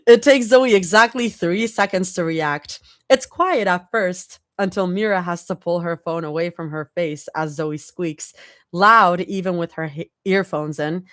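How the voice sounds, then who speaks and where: A woman's voice: lowish voice, a little slow, no echo, studio quality. Casual woman reading a story aloud. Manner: casual reading with slips and restarts. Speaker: fanfic reader.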